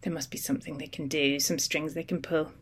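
A worried, incredulous wife, voiced by an audiobook narrator, her questions rising high and sharp. She sounds thin-stretched and disbelieving rather than calm. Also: brisk, slightly rough. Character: thin anxious woman, the man's wife.

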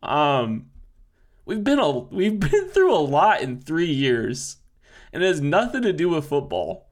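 A man co-hosting a podcast, crying as he speaks haltingly, full of fillers and teary laughs. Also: on the high side, wildly swooping pitch. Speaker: podcast co-host. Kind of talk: emotional podcast farewell.

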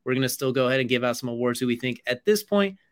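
A man's voice: mid-range voice, animated, rapid-fire. A young man co-hosting a sports podcast, rambling through casual chat and ad reads and tacking "as well, too" onto his sentences.

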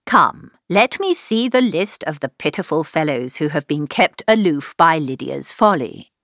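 A woman's voice: low-pitched, lively intonation, a little slow, fairly bright tone, dry recording, full character voice. A woman voicing a dry, ironic older father who teases his daughter, in a storybook reading. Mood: teasing. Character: wry, teasing older father.

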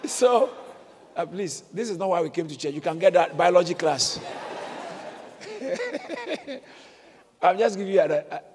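A man preaching a sermon in a church, explaining and exclaiming with animated emphasis. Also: sits high, brisk, in a large hall. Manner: animated preaching, bursts into shouts when quoting. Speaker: pastor.

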